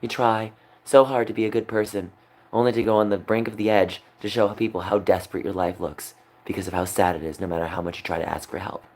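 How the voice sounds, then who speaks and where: A man's voice: lowish voice, steady tone, quick pace, a little mellow. A young man on a livestream, talking upset and rambling, repeating himself. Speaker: streamer. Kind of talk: emotional livestream monologue.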